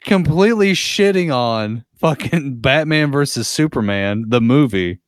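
A man's voice: medium pitch, animated, measured pace, smooth, dry recording, clean studio sound. A man in a casual podcast chat, a profane, rambling storyteller.

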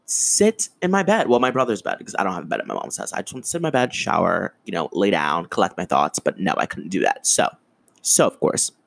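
A young man in his twenties hosts a casual solo podcast, telling a story in an animated, swearing rant. His voice sits low with a gravelly edge, yet it leaps high and drops back constantly. The recording is dry and close to the mic. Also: brisk, dry recording. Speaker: podcast host.

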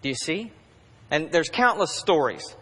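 A man's voice: a little high, sing-song, a little slow, husky. Preaching man in a reverberant hall. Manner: conversational preaching, swinging between urgent bursts and hushed asides. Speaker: pastor. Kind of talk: sermon. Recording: long reverb of a large hall.

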